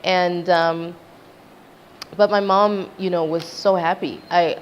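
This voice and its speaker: A woman's voice: medium pitch, moderate pace. A young woman from Zimbabwe, a singer being interviewed, telling a personal story animatedly and acting out quoted parents. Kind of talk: casual interview chat. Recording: dull lo-fi sound with faint background noise.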